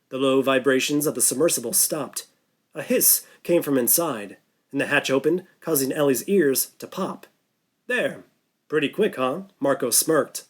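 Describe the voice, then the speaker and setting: A man reading a thriller audiobook in a steady, even narration. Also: on the high side. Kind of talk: scripted narration.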